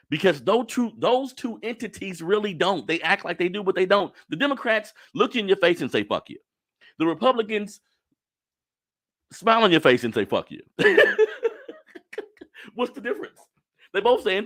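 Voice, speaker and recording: A man's voice: high voice, a bit bright. A man hosting a podcast, talking bluntly and profanely in an impassioned monologue, calling his listeners family. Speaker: podcast host.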